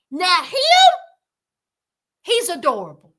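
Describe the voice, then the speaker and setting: A woman hosting a livestream, chatting casually with viewers and calling them by name, animated and exclaiming. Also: very high voice, measured pace. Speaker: livestream host. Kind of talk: casual commentary chat with viewers.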